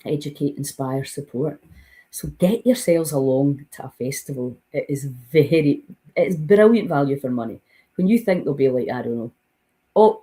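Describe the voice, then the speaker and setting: An older woman who runs breathwork retreats, talking in a casual vlog with blunt, animated enthusiasm. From Scotland. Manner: animated, blunt and enthusiastic, swings high when excited. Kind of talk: casual direct-to-camera vlog.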